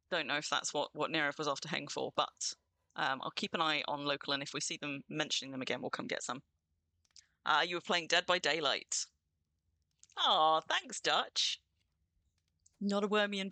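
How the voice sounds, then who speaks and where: A woman's voice: low-pitched, sharp tone, no echo. A woman hosting a game livestream, chatting in a bubbly way and greeting her viewers. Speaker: streamer hosting a game stream. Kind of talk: casual livestream chat.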